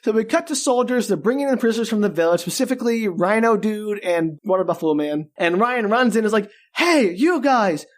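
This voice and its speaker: A woman's voice: mid-range voice, expressive, quick pace, hardly any pauses, darkish tone. A woman hosting a podcast, casually retelling a movie scene by scene and acting out lines in silly voices. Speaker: podcast host recapping a movie. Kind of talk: casual chat.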